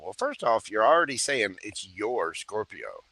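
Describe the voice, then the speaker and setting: A man's voice: lowish voice, big pitch swings, a little slow, creaky, few pauses, pushed and bright, no room sound. A man reading tarot on a livestream, joking and chatty in a playful mood. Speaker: tarot reader.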